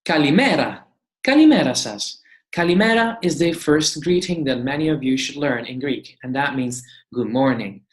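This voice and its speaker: A woman's voice: very deep voice, normal speed, hardly any pauses. A woman teaching a beginner language lesson, saying each word several times and explaining it patiently. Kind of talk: slow beginner lesson with repeated drills. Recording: echoey room.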